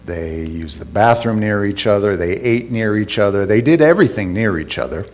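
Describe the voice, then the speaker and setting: A man's voice: on the low side, lively intonation, normal speed. A male pastor giving a conversational sermon, retelling scripture casually with asides and restarts.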